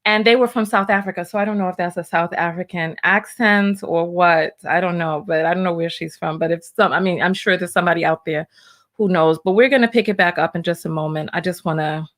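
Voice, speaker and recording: A woman hosting a reaction video, flustered and stammering as she pauses and sorts out her audio. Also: on the low side. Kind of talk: casual reaction commentary.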